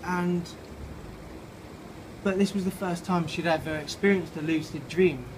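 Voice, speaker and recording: A slightly drunk man reading his own story aloud outside a pub, halting and playful, with restarts and swearing. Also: sits high, fairly even intonation. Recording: noisy outdoor pub ambience.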